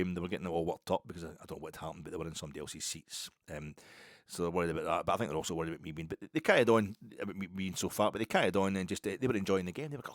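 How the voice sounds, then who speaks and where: Racing through a self-deprecating tale, an older Scottish podcast host rambles casually and restarts often. He has a low-pitched voice, recorded at studio quality without echo.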